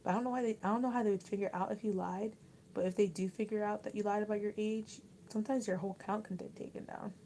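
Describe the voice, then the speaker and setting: A young woman rambles through a casual livestream chat, stopping often to read viewer comments aloud. Her voice is mellow and warm, and she talks in loose, restarting sentences full of "like". A faint hiss sits under the home recording. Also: medium pitch, fairly even intonation, fast, low-quality recording. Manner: rambling and chatty, with many likes and restarts. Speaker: livestream host.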